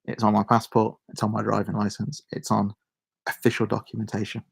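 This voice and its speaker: A man's voice: lowish voice, monotone, a little fast, vocal fry, slightly rough. A young man with a Shropshire accent chatting casually to his channel's viewers, rambling, restarting sentences and chuckling. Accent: Shropshire English. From Shropshire, England. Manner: rambling, self-interrupting, chuckles a lot. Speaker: YouTuber. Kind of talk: casual chat to camera.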